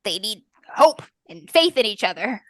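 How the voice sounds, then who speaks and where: A woman's voice: mid-range voice, very animated, moderate pace, dry recording, pitched below the performer's own voice, lightly acted. A woman playing a stubborn small-town woman who argues bluntly in an improvised tabletop game. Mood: earnest. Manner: blunt, exasperated arguing. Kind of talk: improvised tabletop role-play.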